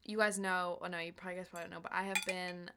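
A woman's voice: lowish voice, flat delivery, rapid-fire, background noise. A young woman co-hosting a podcast, chatting casually and telling a story full of fillers. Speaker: podcast co-host. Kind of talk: casual chat.

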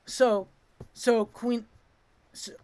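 A man's voice: extremely high pitch, extremely slow. A man hosting a podcast, recapping a play in a loose, jokey way. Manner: animated, jokey storyteller who slips into quoted voices. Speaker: podcast host. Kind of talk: casual chat recapping a play.

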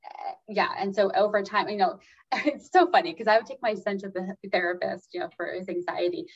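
A woman talking casually as a guest expert on calming anxiety, with many fillers and acted-out inner voices. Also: medium pitch, a little fast, husky. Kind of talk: casual interview talk. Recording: slightly dull lo-fi sound.

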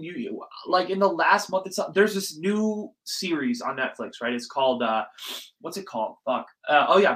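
Sniffly, bright-voiced young man ranting. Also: on the high side, rough recording. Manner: rambling, profane, blunt. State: sniffly from allergies. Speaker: podcast host. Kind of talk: casual aftershow rant.

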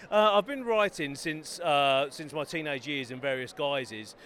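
A man from Bedford talks about his writing in a forceful, bright voice, pitched a little high. He sounds upbeat and eager and keeps plugging his books. A faint hum of traffic sits behind him. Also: measured pace. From Bedford, England. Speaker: author. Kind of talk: enthusiastic self-promoting interview. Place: busy trade fair hall.

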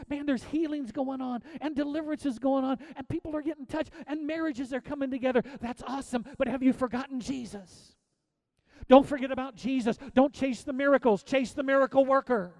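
High-pitched middle-aged pastor preaching hard, swings loud to soft, dry close sound. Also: male voice, fairly even intonation, fairly quick, no echo. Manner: preaching with rising and falling intensity, repetitive exhortations. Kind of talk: sermon.

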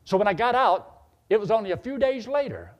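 A man's voice: sits high, a little fast. A male preacher telling a personal story in a sermon, acting out the dialogue as he goes. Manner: animated, acts out dialogue.

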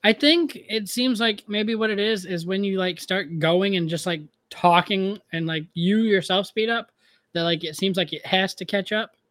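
A man with a high voice, chatting casually as a podcast co-host. He talks loosely and laughs a lot, and his voice comes over a remote call. The sound is dry and close, with no room. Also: moderate pace, no room sound. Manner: relaxed, laughs often, trails off with fillers. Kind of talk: casual chat.

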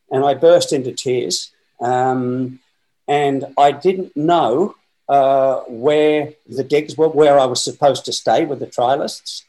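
An Australian man in his sixties, a guest telling a lively, rambling story with many fillers. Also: mid-range voice, rough recording. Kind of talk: storytelling anecdote.

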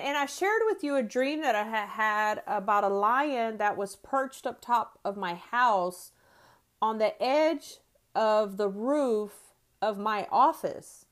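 A woman in her fifties who hosts a podcast, teaching on faith in a chatty style and often asking "right?" as she goes. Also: medium pitch. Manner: conversational, frequent "right?" and restarts. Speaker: podcast host.

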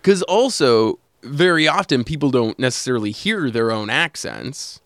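A man's voice: mid-range voice, animated, normal speed, fairly bright tone, no room sound, clean studio sound. Rambling man hosting a podcast. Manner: rambling, with frequent fillers and laughs. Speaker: podcast host. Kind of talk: casual chat.

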